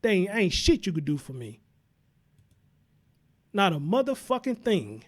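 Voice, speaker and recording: A man with a high-pitched, very animated voice speaks a little slowly. As host of a live-stream commentary show, he greets viewers with heated, blunt remarks and plenty of cursing.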